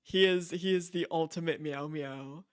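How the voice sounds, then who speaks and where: Excitable high-voiced young man streaming. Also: normal speed, clean tone, dry recording, clean studio sound. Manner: excitable, gushing, repeats himself, laughs often. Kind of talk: casual live-stream chat.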